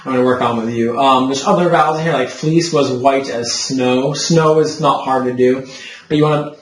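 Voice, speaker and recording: A man's voice: medium pitch, steady tone, normal speed, reverberant, low-quality recording. A young man teaching a patient one-on-one singing lesson, demonstrating vowel sounds for his student.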